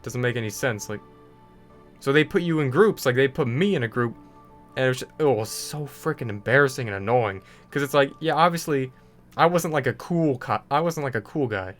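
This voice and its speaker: A man's voice: mid-range voice, lively intonation, a little fast, faint music behind. A young man ranting casually over gameplay, full of fillers and restarts. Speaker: gaming video creator.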